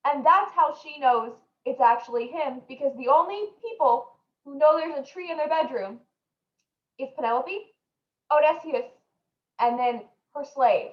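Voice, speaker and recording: Woman teacher, casual lesson explainer, chatty and quick, echoey recording. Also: sits high. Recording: echoey muffled room audio.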